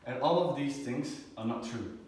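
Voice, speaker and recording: A young man giving a student class presentation, halting often with fillers and restarts. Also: mid-range voice, darkish tone, a little hiss or hum. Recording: echoey room, far from the mic.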